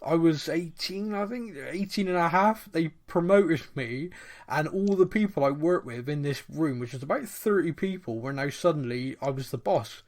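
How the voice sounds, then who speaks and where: A man co-hosting a casual chat podcast, telling animated stories and laughing often. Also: fairly high pitch, normal speed. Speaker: podcast co-host.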